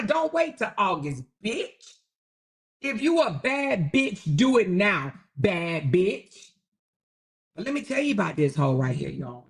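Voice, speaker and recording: A woman hosting her own online talk show, delivering a loud, taunting, profanity-heavy rant. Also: medium pitch.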